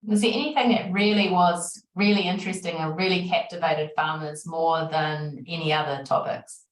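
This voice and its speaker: A woman's voice: sits low, fairly even intonation, normal speed, roomy sound, recorded from a distance, low-quality recording. A woman with a New Zealand accent moderating a webinar Q&A, full of encouraging praise as she relays questions. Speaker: session moderator. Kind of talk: online webinar Q&A.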